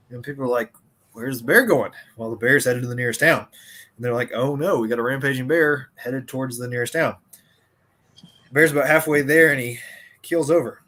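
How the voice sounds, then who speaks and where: A man with an ordinary mid-pitched voice tells a joke in a relaxed storytelling way during a casual stream. He talks plainly and evenly to his friends.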